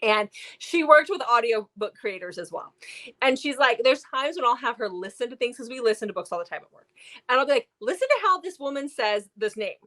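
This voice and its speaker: Bright, high-voiced woman chatting. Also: fairly quick. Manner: chatty, animated storytelling with many fillers. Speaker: book reviewer co-host. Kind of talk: casual chat.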